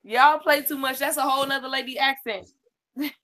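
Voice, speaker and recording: A woman's voice: sits high, steady tone, brisk, pushed and bright. A woman co-hosting a casual livestream, playful and insistent with her co-host.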